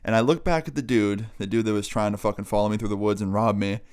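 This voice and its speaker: A man's voice: lowish voice, steady tone, darkish tone, smooth. A young man, a vlogger, telling a casual story time, chatty and profane. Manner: rapid, profane, chatty retelling.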